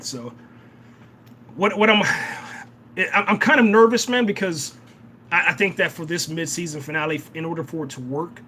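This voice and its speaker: Excitable young man reacting live. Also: a little high, a little hiss or hum. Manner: excitable, repeats words and says "man" often. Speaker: reaction channel host. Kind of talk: live TV episode reaction and review.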